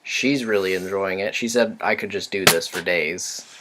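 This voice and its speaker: A man's voice: deep voice, moderate pace, bright, forceful tone, slight background noise. Easygoing, hesitant young man. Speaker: podcast co-host. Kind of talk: casual chat.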